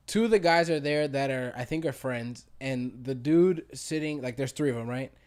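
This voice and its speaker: A man's voice: mid-range voice, moderate pace, darkish tone. A man co-hosting a casual podcast chat, telling stories animatedly and laughing while he acts out quotes. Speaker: podcast co-host.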